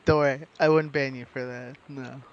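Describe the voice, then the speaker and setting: A man streaming a game in casual commentary, chatting, reading game text aloud and breaking into bursts of excitement. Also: mid-range voice, moderate pace. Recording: muffled recording with faint noise.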